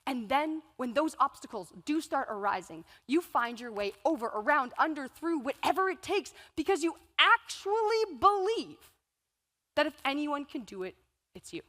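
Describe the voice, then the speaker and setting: A woman's voice: sits high, expressive, normal speed, fairly bright tone. A woman in her thirties giving a motivational keynote speech on stage, telling stories and acting out her own inner voices. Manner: storytelling, acts out inner voices and quotes. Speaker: keynote speaker. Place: large event hall. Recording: long reverb of a large hall.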